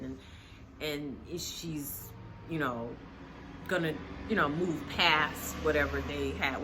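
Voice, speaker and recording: A woman's voice: sits low, fairly bright tone, slight background noise. A woman chatting casually as she recaps a reality TV episode, gossipy and full of fillers.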